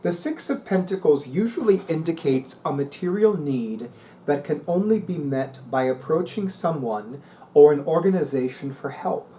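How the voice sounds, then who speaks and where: A man's voice: fairly high pitch, animated, normal speed, mellow, a little hiss or hum. A middle-aged man reading tarot articles aloud and musing on them in a casual, chatty way. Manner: musing, reads aloud then comments. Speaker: tarot reader.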